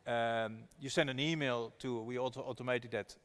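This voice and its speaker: A man tells a story as a guest at a live discussion. His voice sits at an ordinary middle pitch. He talks earnestly and animatedly, often restarting his sentences. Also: steady tone, normal speed, a bit bright. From Netherlands. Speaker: activist investor guest. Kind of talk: storytelling conversation at a public talk.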